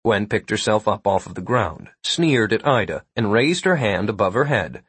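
A man narrates a fantasy story in a husky, slightly breathy voice at a middling pitch. His reading is measured and even. The recording is dry and close, with no room sound. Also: no echo. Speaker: audiobook narrator. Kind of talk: scripted narration.

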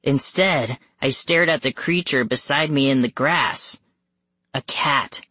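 Husky storyteller reading a creepy kids' tale real slow, dry close sound. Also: medium pitch, bright, forceful tone, no room sound. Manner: slow, measured and suspenseful, rising tense at scary moments. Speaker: audiobook narrator. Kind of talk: first-person scripted horror narration for young readers.

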